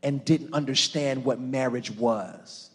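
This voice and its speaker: A middle-aged man preaching a sermon to a church congregation, building to shouted fervor and calling out to the crowd. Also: mid-range voice, takes it slowly, breathy edge. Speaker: pastor. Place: large church hall. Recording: live church sermon with long hall reverb.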